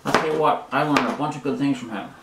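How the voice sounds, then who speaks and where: A fast-talking, medium-pitched male vlogger rambles in frustration with many fillers while making and eating breakfast in his home kitchen. The room is echoey and the mic far away, with loud clattering of dishes, pots, pans and drawers.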